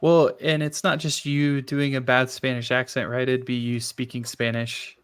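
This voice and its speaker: A man's voice: mid-range voice, moderate pace, clear, resonant tone. A man talking casually on a tech podcast, chatty and self-deprecating. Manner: chatty, self-deprecating, quotes people in lively voices. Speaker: podcast host.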